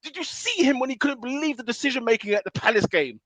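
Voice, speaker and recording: A man's voice: very high voice, animated, quick pace, a bit bright, dry recording. A man co-hosting a podcast, ranting in a heated football debate and repeating himself in exasperation. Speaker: podcast co-host.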